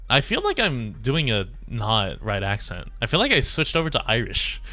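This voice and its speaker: Male streamer who reads game lines in voices and cracks up at himself; sharp, bright tone. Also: mid-range voice, wildly swooping pitch, a little slow, no room sound, soft background music. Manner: voices characters, breaks off laughing at himself. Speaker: streamer reading game dialogue aloud. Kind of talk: casual live game stream with voiced dialogue.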